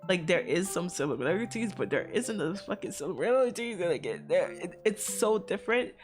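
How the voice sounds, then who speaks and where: A woman's voice: fairly low pitch, lively intonation, brisk, faint music behind. A woman from the Virgin Islands with a Caribbean accent, chatting casually on stream, rambling, swearing and laughing often. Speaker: VTuber streamer.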